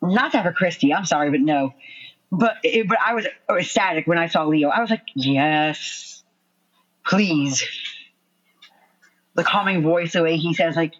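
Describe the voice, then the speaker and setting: A woman chatting casually about a TV show, talking in a rambling way full of "like" and excited quoted reactions. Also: lowish voice, quick pace, dull audio. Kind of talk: casual chat recapping a TV episode.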